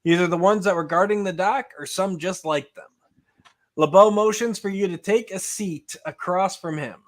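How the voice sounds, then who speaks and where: A man's voice: high-pitched, moderate pace. A man hosting a podcast, casually reading a choose-your-own-adventure book aloud. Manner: casual, laughs between lines. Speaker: podcast host.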